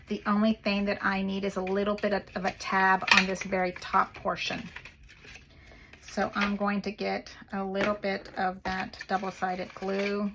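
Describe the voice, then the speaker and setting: A woman's voice: medium pitch, gravelly, noisy background. A woman hosting a paper craft video, chatting casually as she works and gushing over the little details.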